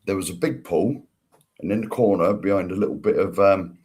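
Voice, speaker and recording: A man's voice: deep voice, fairly quick, a little mellow, breathy edge. A man co-hosting a casual chat show, telling blunt stories and laughing at himself. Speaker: podcast co-host.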